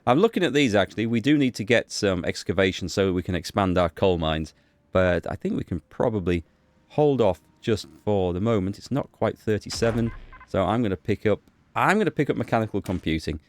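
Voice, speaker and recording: A man's voice: fairly low pitch, animated, a little fast, dry recording. A man giving casual gameplay commentary, thinking aloud as he plays, with fillers and small restarts. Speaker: gaming YouTuber.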